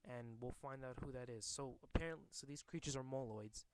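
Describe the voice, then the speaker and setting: Smooth-voiced man reading a comic aloud. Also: medium pitch, dry recording, poor audio. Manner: halting, rereads and corrects himself. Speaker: comic reader. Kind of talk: casual comic read-along commentary.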